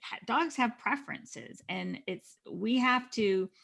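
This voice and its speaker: A middle-aged woman with a gravelly, creaky edge to her voice, speaking as a guest in a conversational interview. She gives earnest, encouraging advice and often stops to restart her sentences. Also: fairly high pitch, slow pace, a bit bright. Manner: earnest, advising, with frequent restarts. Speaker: animal communicator, guest.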